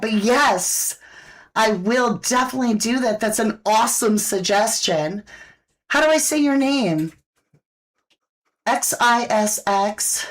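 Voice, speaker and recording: A woman hosting a casual live-stream, chatting folksily about products and reading out viewer comments, a little out of breath. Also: fairly high pitch.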